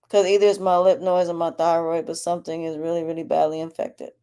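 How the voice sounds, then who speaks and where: A woman podcast host with a sore, swollen throat gives a candid, rambling health update about herself, restarting often. Her voice is on the low side, warm, clear and resonant, with a level tone and a fast delivery.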